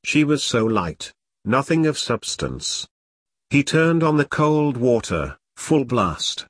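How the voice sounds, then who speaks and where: Male narrator, husky voice, lively pitch, close dry audiobook sound. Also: slow, no room sound.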